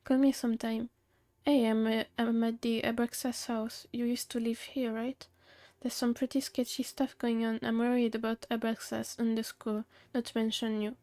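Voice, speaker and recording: A woman's voice: fairly high pitch, little pitch movement, moderate pace, hardly any pauses, mellow, dry recording. A woman streamer reading game dialogue aloud in a matter-of-fact way, with small asides of her own.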